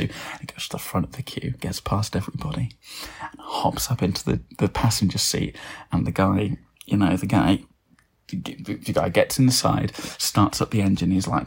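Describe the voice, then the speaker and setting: A man's voice: on the low side, normal speed, vocal fry, breathy edge, in a whisper. A man improvising a comic story, rambling with lots of fillers and restarts.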